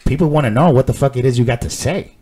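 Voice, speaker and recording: A man's voice: mid-range voice, quick pace, mellow. A young man co-hosting a casual podcast, joking, laughing often and swearing casually. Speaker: podcast co-host. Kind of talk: casual chat.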